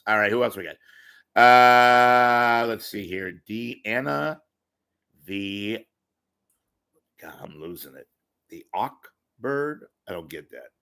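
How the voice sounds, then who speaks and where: A low-voiced man hosts a live stream, chatting in a loose, rambling way. He swears freely, cracks jokes and greets viewers by name as he goes. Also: slow, bright, forceful tone. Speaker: livestream host. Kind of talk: casual rambling monologue to a live chat.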